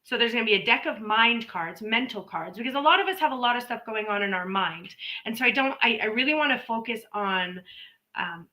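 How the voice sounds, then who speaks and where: A woman chats her way through a live reading stream in a loose, rambling manner, sprinkling in playful asides. Her voice is bright and clear and sits a little high. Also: animated, a little fast, poor audio. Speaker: intuitive reader and host of a live stream. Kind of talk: casual live-stream talk. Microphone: live stream microphone.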